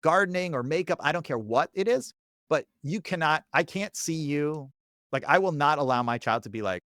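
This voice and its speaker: A man in his thirties chatting casually as a podcast guest, acting out quoted voices with lively swings. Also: fairly high pitch, moderate pace, no room sound, clean studio sound. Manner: animated, acts out quoted voices. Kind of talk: casual chat.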